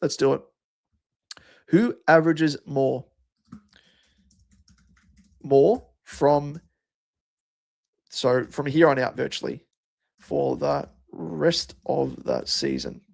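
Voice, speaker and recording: A man's voice: on the high side, sing-song, takes it slowly, vocal fry, pauses often, darkish tone. A man with an Australian accent hosting a live stream, chatting casually and answering viewers' comments by name. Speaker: livestream host.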